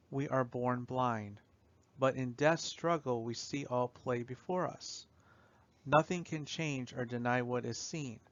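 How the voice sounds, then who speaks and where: A man reading dark poetry aloud for an audiobook, in a slow, somber and measured way, trailing off softly at the ends of lines. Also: mid-range voice, no echo. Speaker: audiobook narrator. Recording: dull, dry lo-fi recording.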